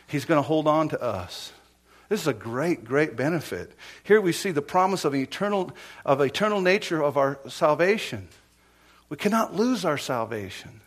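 Impassioned male preacher, hushed to booming. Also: lively intonation, moderate pace. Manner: swings from hushed near-whispers to loud impassioned preaching; storytelling with repetitions and restarts. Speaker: pastor. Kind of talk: sermon.

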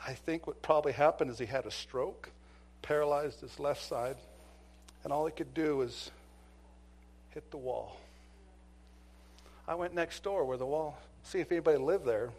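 Brief: fifties male preacher, ex-cop storyteller, slightly high voice, dramatic swings between loud and hushed. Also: moderate pace, pauses often. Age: 50s. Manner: dramatic storytelling, acts out dialogue, swings from shouting to near-whisper. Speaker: preacher and former police officer. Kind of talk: sermon with storytelling.

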